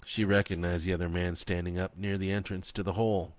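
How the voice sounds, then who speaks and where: A man narrating his own horror story in a slow, expressive reading. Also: deep voice, no room sound.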